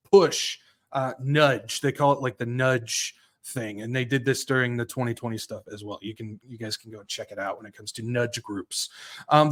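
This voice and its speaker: A man hosting a podcast, reading news aloud in casual commentary with offhand asides and self-corrections. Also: medium pitch. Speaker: podcast host.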